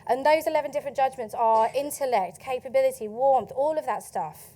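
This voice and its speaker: A woman with an Essex accent giving a lively, chatty conference talk, asking the audience questions and laughing often. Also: sits high, a little fast. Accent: Essex English. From England. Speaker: conference speaker. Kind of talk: keynote talk to a live audience. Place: conference stage.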